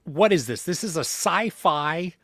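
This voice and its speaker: A man co-hosting a live movie chat, blunt and animated when he dislikes a film. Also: fairly high pitch, a little slow, dry recording, studio quality. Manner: blunt, animated when ranting about films. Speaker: movie podcast co-host.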